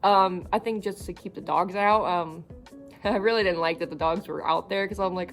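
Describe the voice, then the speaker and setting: A young woman vlogger talking casually about her cat, halting with many fillers and fighting back tears. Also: fairly low pitch, soft background music. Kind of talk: casual vlog.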